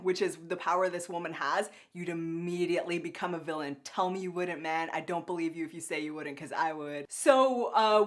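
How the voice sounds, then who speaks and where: A young woman co-hosting a casual podcast, rambling and animated with lots of filler words. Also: mid-range voice. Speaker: podcast co-host reviewing a cartoon. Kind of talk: casual chat.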